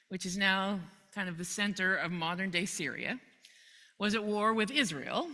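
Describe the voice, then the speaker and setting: Bright-voiced woman pastor storytelling. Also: mid-range voice. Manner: conversational storytelling, chuckles often. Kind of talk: sermon. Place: church. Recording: long hall reverb.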